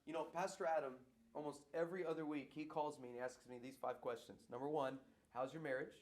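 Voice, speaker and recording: A middle-aged man, a pastor, answering audience questions in a lively, playful way that keeps circling back on its points. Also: a little high, fast talker. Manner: animated preacher, playful, repeats himself.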